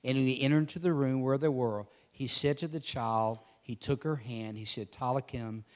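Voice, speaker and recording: A man preaching a sermon, swinging between loud emphatic declarations and hushed, intense passages. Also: medium pitch, moderate pace.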